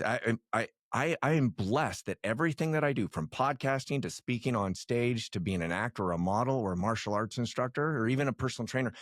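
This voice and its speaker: A man's voice: medium pitch, no room sound, clean studio sound. A man hosting a podcast interview, talking in an earnest, agreeable way with a few restarts. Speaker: podcast host. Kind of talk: casual interview.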